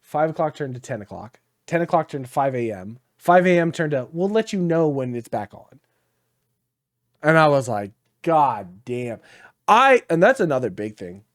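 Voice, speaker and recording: A man's voice: fairly high pitch, big pitch swings, normal speed, a bit bright, dry recording, clean studio sound. A tired man co-hosting a podcast in casual chat, rambling and swearing freely. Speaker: podcast co-host.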